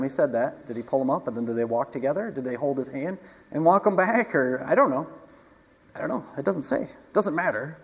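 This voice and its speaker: A man preaching a sermon in an easygoing, conversational way, asking his congregation rhetorical questions as he goes. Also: a little high. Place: church hall. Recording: long hall reverb.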